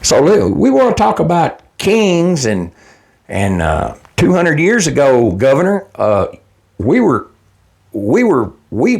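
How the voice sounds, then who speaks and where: A man on a fired-up political rant, his fairly high voice leaping up and dropping low as he presses each point. He talks bluntly, swears freely and hammers the same lines again and again for emphasis. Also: gravelly. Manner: heated, blunt and profane, repeating points for emphasis. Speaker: political commentator. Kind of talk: direct-to-camera political rant.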